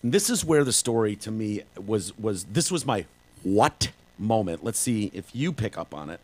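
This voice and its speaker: A man's voice: lowish voice, big pitch swings, normal speed, darkish tone. A man co-hosting a casual comedy podcast, telling stories in a jokey way and now and then slipping into silly put-on accents. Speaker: podcast co-host.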